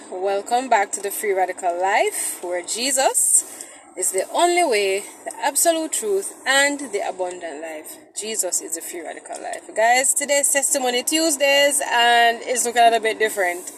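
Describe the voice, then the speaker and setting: A woman's voice: on the high side, lively intonation, normal speed, rough recording. A woman hosting a Christian vlog, talking chattily to viewers from her car in traffic. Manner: chatty, preachy, addresses viewers as guys. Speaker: vlog host. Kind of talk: casual Christian vlog talk.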